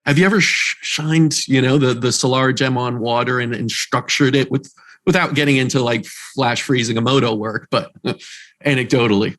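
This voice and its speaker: A man's voice: medium pitch, normal speed, a bit bright. A man hosting a podcast interview, asking long, rambling questions with eager enthusiasm. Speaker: podcast host. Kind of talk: casual interview talk.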